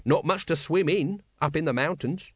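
A man's voice: on the high side, moderate pace, breathy edge, no echo, studio quality, pitched above the performer's own voice. A man doing a scruffy, grudging guardsman.

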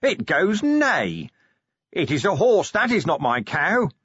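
A man's voice: high voice, big pitch swings, takes it slowly, fairly bright tone, breathy edge, dry recording, muffled recording, pitched above the performer's own voice, heavily acted. A man voicing a delirious, battered middle-aged watchman who wails in a dazed, childlike sing-song. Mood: dazed wailing.

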